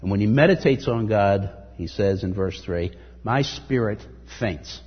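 A man preaching in a long, echoing hall, his voice very husky and breathy. The sound is dull and muffled. He reads scripture with rising emphasis and speaks earnestly between verses. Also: fairly low pitch, unhurried. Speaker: pastor. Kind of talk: sermon.

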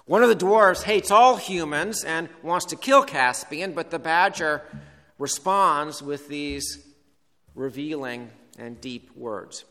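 A male preacher delivers a sermon slowly and deliberately, leaning on key words. His voice is bright and a bit high, carried by the long reverb of a hall. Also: lively intonation.

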